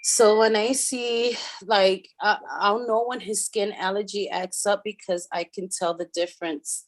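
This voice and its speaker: A woman co-hosting a casual radio chat, telling stories in an animated way, swearing often and laughing a lot. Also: medium pitch, unhurried. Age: adult, has a son. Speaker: radio show co-host.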